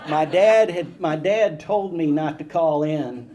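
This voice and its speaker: A man telling childhood stories to an audience, animated and self-mocking. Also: a little high, extremely slow, a little hiss or hum. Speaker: guest speaker. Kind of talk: storytelling talk to an audience. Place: event hall with live audience.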